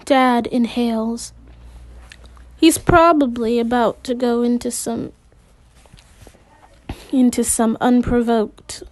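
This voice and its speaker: High-voiced, slow woman reading a novel aloud. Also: darkish tone, no room sound. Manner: halting, spells out hard words, adds side remarks. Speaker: audiobook reader.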